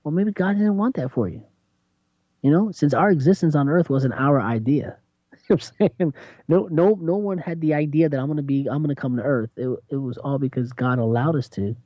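A man co-hosting a faith talk, preaching in an animated, conversational way and acting out quotes. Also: a little high, a little fast, no echo. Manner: animated, laughs often, acts out quotes. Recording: dry, slightly dull lo-fi sound.

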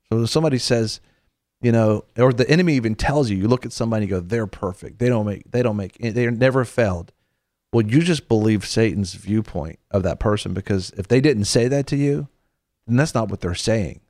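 A man's voice: mid-range voice, a little mellow, dry recording, studio quality. A man hosting a Christian show who preaches in a conversational way. He tells stories, quotes scripture, often repeats his phrases and leads his listeners in prayer.

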